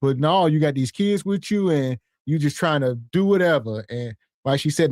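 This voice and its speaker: A man's voice: a little high, expressive, normal speed, a little mellow, dry recording, clean studio sound. A man hosting a podcast, talking in a scolding, sarcastic way. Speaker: podcast host. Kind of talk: casual commentary.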